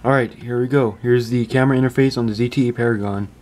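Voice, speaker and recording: A man's voice: medium pitch, fairly even intonation, fast, darkish tone. A man giving a casual phone review indoors, chatty and stumbling over his words, often stopping to apologize. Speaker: tech reviewer.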